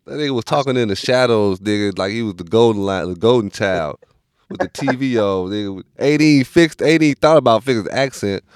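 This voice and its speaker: A man's voice: on the low side, a little fast, smooth, no room sound, studio quality. A man from Illinois, a guest in a casual chat, talking loose slang. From Illinois, United States. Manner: loose slang, laughs often. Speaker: guest on a call.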